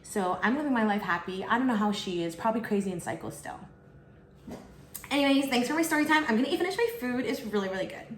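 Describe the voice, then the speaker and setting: A woman telling a personal story while eating, chatty and expressive with lots of fillers. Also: fairly high pitch, fast, slight background noise. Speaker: vlogger. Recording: echoey room.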